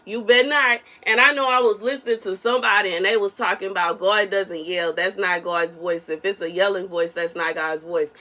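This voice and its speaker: A woman delivering a casual spoken prophetic message in her soft everyday voice, repeating phrases for emphasis and often asking "you know what I'm saying.". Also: on the low side, fairly even intonation, fairly quick, hardly any pauses. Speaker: online prophetic minister.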